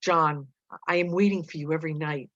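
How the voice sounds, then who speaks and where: A woman's voice: sits low, steady tone, a little fast, a bit bright, dry recording. A woman doing a scheming, lovesick girl. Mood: pleading. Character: scheming, lovesick teenage girl, bold and taunting. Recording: dull, dry lo-fi recording.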